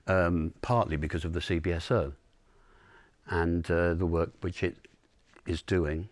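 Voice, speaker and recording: A man speaking as a panel guest in a measured way, often murmuring agreement. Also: deep voice, fairly even intonation, no echo. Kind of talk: panel discussion.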